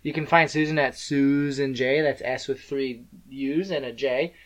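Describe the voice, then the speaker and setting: A woman's voice: rumbling low, steady tone, a little slow. A woman co-hosting a podcast in casual chat, cutting in with dry sarcastic quips and mock despair. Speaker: podcast co-host.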